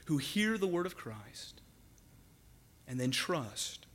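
A man preaching in a church with a clear, bright, somewhat high voice. He is earnest and emphatic, and he lets his voice sink low and slow to drive home a point. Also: sing-song. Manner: earnest, emphatic, slows and drops to a hush for key words. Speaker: pastor. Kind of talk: sermon.

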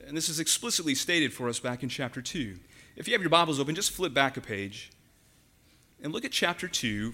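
A man preaching a sermon to his congregation, earnest and emphatic, slowing down and dropping his voice on the words he wants to stress. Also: medium pitch. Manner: earnest, emphatic, slows and drops to a hush for key words. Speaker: pastor.

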